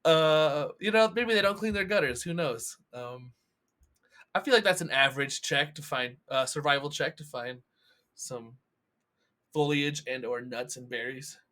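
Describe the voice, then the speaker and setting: A man's voice: a little high, measured pace, sharp tone. A man running a tabletop game as game master, giggly and hesitant with many ums.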